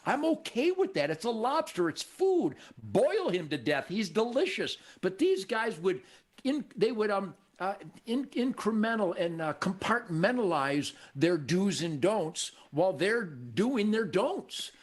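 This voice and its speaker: Cocky, husky older man telling stories. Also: sits high, unhurried. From Michigan, USA. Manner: cocky, animated, acts out quoted voices. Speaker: show host. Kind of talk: casual storytelling conversation.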